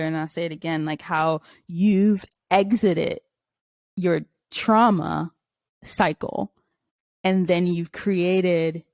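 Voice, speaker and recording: A woman's voice: on the low side, a little mellow, dry recording. A young woman co-hosting a casual podcast, telling candid stories and laughing often. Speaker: podcast co-host. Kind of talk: casual chat.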